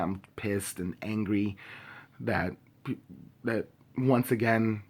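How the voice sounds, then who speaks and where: A young male vlogger speaks directly to camera in a personal video, his voice on the low side. Grieving and angry, he is impassioned yet halting, pausing a lot and swearing openly.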